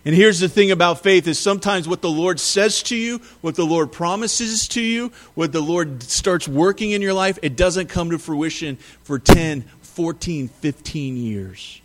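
A man's voice: a little high, a little slow, hardly any pauses. A man preaching a sermon, reading scripture and retelling it in a conversational, emphatic way. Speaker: pastor.

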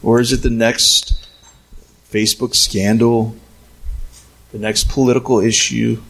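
A man preaching a sermon as a pastor, lively and conversational, acting out little scenes and sometimes shouting. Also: medium pitch, a little slow, creaky, slightly rough, poor audio.

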